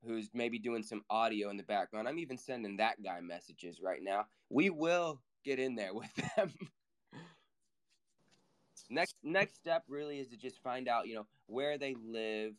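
A man from the project team chatting casually, playful and quick to laugh. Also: medium pitch, clean tone. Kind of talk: casual chat.

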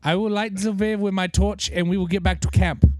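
A man's voice: sits high, fairly even intonation, fairly quick, a little mellow, no room sound, clean studio sound, close to an everyday voice. A man voicing a pompous adventurer who leads the group in stiff, formal speech. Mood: commanding.

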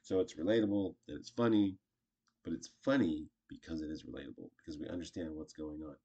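A man's voice: a bass voice, steady tone, quick pace, mellow, breathy edge, highs cut off. A man casually teaching improv, chatty and acting out short example lines. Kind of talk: casual instructional talk.

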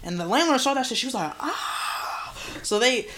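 A woman's voice: a little high, expressive, racing, a bit bright. A young woman co-hosting a podcast, telling a creepy story in casual chat, full of swearing and "like" and "right?". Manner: swears a lot, fillers like "like" and "right?". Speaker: podcast co-host.

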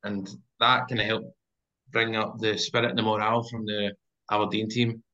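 A Scottish man chatting about football as a podcast guest, animated and acting out scenes as he tells them. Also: lowish voice, moderate pace. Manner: animated storyteller, acts out scenes. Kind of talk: casual football chat. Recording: dull lo-fi sound.

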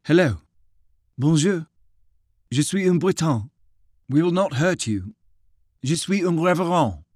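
A man doing a gentle weary army chaplain. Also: a little high, lively intonation, measured pace, dry recording, studio quality, pitched above the performer's own voice. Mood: coaxing. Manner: soft, coaxing.

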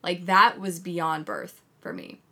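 A young woman chatting casually as a podcast co-host, telling a blunt, heavily sworn, animated story. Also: on the low side, slow pace, husky. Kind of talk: casual chat.

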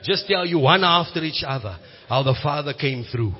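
A man with a South African accent preaching a sermon, moving from quiet storytelling to loud, emphatic declarations. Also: fairly high pitch, expressive, normal speed, breathy edge. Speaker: pastor. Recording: muffled sound with long hall reverb.

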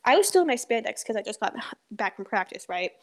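A woman's voice: fairly high pitch, very animated, fast talker. A teenage girl co-hosting a podcast, telling a story in casual chat, laughing often and swearing freely. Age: teens. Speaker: podcast co-host.

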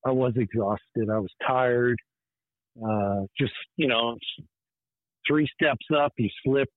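A podcast host telling a personal story in an earnest, intense way. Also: male voice, medium pitch, slow, dry recording. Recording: tinny phone-like line, dry.

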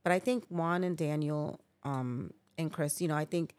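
A woman's voice: sits low, normal speed, a little mellow, no echo. A woman in her sixties, a mother chatting about family on a remote podcast setup, rambling with lots of "you know" fillers and restarts. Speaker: guest, mother of the hosts. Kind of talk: casual family chat.

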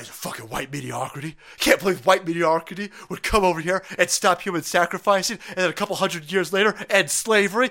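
A man ranting on a live stream, loud, profane and mocking, slipping into sarcastic voices. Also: fairly high pitch, brisk, few pauses.

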